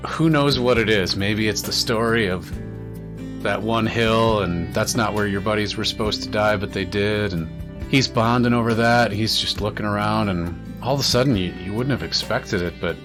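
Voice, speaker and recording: A man's voice: fairly low pitch, normal speed, music in the background. A man narrating as dungeon master in a laid-back, rambling way. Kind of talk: narrating a tabletop game.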